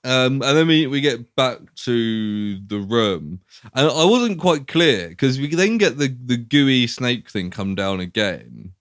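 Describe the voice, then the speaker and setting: A man's voice: mid-range voice, big pitch swings, slow pace, no echo, studio quality. A man co-hosting a podcast, easygoing as he recaps film scenes with lots of fillers. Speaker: podcast co-host. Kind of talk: casual film discussion.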